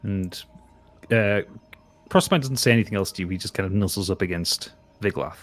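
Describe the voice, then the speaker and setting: A man's voice: low-pitched, fairly quick. A man narrating a tabletop game as game master, often restarting his sentences and laughing. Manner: stumbling restarts, laughing asides.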